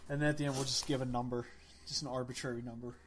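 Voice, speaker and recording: A man's voice: mid-range voice, level tone, rapid-fire, a little hiss or hum. A man co-hosting a casual podcast, joking in a dry, sarcastic way. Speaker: podcast co-host.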